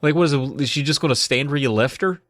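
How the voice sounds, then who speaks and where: A man's voice: mid-range voice, fast talker, a bit bright, no echo. A man co-hosting a podcast, retelling a book's plot playfully with laughs. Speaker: podcast co-host. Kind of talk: casual book recap chat.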